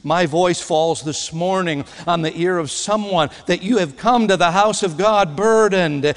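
A man preaching a sermon to a congregation in a church sanctuary. His delivery is dramatic, swinging between loud emphasis and hushed, soft tones. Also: a little high. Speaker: guest preacher. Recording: long hall reverb.

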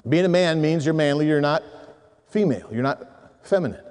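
A middle-aged man preaches to a room of men with a high, lively voice. He tells animated stories and acts out the other people in them. A long reverb trails his voice, as in a big hall. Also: a little fast. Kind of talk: sermon to men.

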